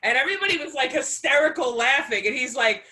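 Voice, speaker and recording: Young woman, host, casual chat, bright tone, giggly, animated storytelling. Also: sits high, quick pace.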